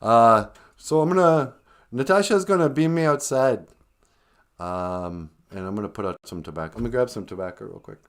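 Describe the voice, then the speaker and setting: Hosting a relaxed livestream, a man with a medium-pitched voice talks at a moderate pace. He spins joking stories and performs the voices of the people he quotes.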